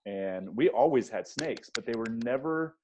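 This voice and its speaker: A man hosting a casual interview, easygoing and halting with fillers. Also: medium pitch, lively intonation, darkish tone, a little hiss or hum. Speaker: interview host.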